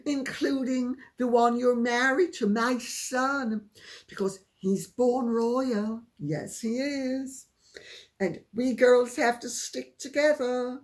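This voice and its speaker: A woman's voice: high voice, pitched above the performer's own voice. Woman putting on a cooing ghostly mother-in-law. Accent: American. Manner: syrupy, wheedling, sing-song.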